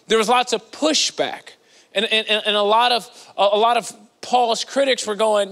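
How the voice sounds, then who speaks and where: A man preaching a sermon in an animated, conversational way, swinging between loud and hushed delivery. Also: sits high, moderate pace, big-room sound. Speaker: guest preacher. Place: large church auditorium.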